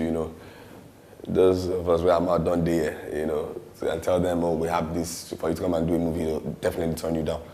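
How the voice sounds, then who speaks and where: A Nigerian man with a very low voice speaks in a laid-back interview. He talks loosely, stopping often on fillers and slipping into Yoruba. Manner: relaxed, many "you know" fillers, mixes in Yoruba. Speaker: musician and actor interviewee. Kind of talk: casual interview.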